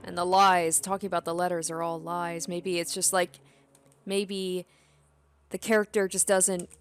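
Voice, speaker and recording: A woman's voice: on the low side, little pitch movement, a little slow, smooth. A woman hosting a let's play, musing chattily as she plays through a game. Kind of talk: casual game commentary.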